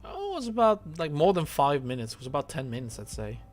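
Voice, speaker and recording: A man's voice: fairly high pitch, big pitch swings, quick pace, soft background music. Wry man thinking aloud over a game. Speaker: streamer. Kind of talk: casual gameplay commentary.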